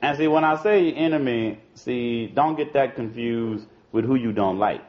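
In a dull, lo-fi archival recording, a man with a mid-range voice speaks at normal speed to an audience about politics. His talk is informal and loose, full of repeated words and frequent "you know" and "see."

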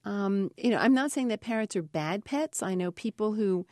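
A woman researcher being interviewed, telling lively anecdotes and acting out the voices in them. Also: mid-range voice, normal speed, dry recording, clean studio sound. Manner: animated storyteller, acts out voices in anecdotes. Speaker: parrot researcher guest. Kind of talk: interview storytelling.

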